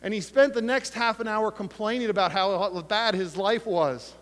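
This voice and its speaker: A male pastor preaching a sermon, emphatic, with slow dramatic pauses and retold conversations. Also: high voice. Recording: long hall reverb.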